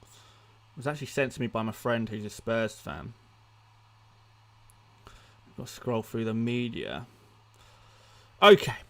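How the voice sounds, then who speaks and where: A man's voice: mid-range voice, animated, unhurried, vocal fry, long pauses. A man hosting a casual live stream, thinking aloud and restarting his sentences now and then. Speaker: fantasy football streamer.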